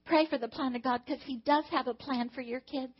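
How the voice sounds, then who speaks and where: A woman's voice: high voice, steady tone, brisk, breathy edge, lo-fi sound. A middle-aged woman giving an earnest, emotional personal testimony to a church congregation, often speaking to God aloud.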